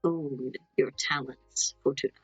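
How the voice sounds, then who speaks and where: Brief: woman putting on a confident game djinn, slow and husky, faint music behind. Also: rumbling low, steady tone, no echo, voice pushed down, exaggerated voice, poor audio. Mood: persuasive. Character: smooth-talking male wish-granting djinn.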